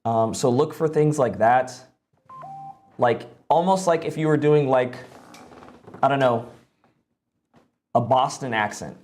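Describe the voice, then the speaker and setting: A young man talks loosely on a live stream, peppering his advice with "like" and the odd curse. He sits close to a streaming mic, and his voice sits at an ordinary middle pitch. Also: slow, pauses often, a little mellow, a little hiss or hum. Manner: loose and profane, lots of "like" fillers. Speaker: streamer giving voice acting advice. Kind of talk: casual live-stream talk.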